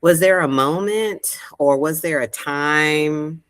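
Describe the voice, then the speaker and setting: A woman hosting a podcast interview, asking slow, searching questions and affirming her guest often. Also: deep voice, clean tone. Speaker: podcast host. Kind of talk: gentle interview conversation.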